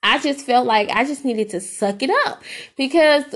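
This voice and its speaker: A young adult woman with a high-pitched, fairly bright voice speaks at normal speed. She hosts a podcast, sharing personal stories candidly and casually, with fillers and restarts.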